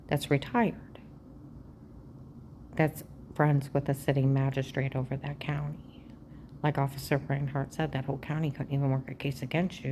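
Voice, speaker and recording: Addressing the camera head-on, this female vlogger rambles through a personal, aggrieved rant, hopping between claims and frequently lowering her voice to a near whisper. Her pitch is extremely low, and there's slight background noise.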